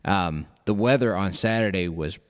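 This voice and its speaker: Low-pitched laid-back guy chatting, reverby room. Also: moderate pace. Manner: relaxed, chimes in with short remarks. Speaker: podcast co-host. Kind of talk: casual chat.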